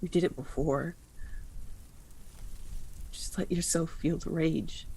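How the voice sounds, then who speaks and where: A man doing a gravelly, self-loathing chained fighter. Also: a little high, steady tone, takes it slowly, dark tone, full character voice. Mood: bitter, pleading. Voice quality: gravelly, raspy.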